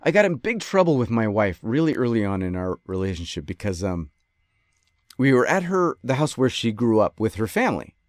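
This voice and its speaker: Animated ranting man, lively pitch. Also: brisk, no echo, studio quality. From western New York. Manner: animated, ranting, self-interrupting. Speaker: podcast host. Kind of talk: casual storytelling monologue.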